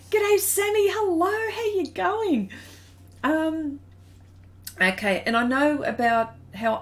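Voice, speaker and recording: Chatty Australian woman greeting viewers. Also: on the high side. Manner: chatty, greets viewers by name, laughs often. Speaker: art live stream host. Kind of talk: casual live stream chat.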